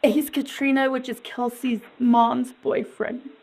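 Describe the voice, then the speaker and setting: A woman with a high voice full of gravelly fry, dazed and distraught as she answers questions in a police interview. She talks in halting, rambling bursts and keeps repeating herself. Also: flat delivery, darkish tone, low-quality recording.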